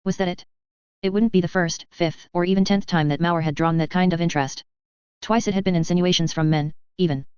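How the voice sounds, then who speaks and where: A woman narrating a novel in a brisk, steady reading. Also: on the low side, clean tone, no echo, lo-fi sound. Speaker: audiobook narrator. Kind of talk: scripted narration.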